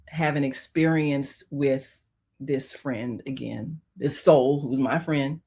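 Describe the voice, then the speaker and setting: A woman hosting a radio show, telling a personal spiritual story in a conversational way, full of fillers, dropping to a hush and rising to loud cries. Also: low voice. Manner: emotional, swings from hushed to loud; conversational, many "you know" fillers.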